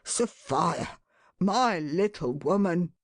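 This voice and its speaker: A woman voicing a middle-aged working-class husband in an audiobook, slow and muttering. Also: fairly low pitch, expressive, dry recording, studio quality. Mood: remorseful. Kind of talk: audiobook character voice.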